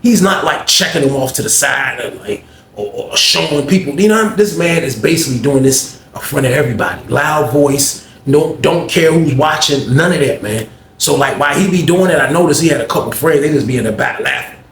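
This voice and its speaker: A man's voice: on the high side, expressive, brisk, gravelly, a bit bright, slight background noise. A man casually telling a story to viewers in a slangy, rambling way, often addressing them as y'all. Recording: roomy echo, faint ambience.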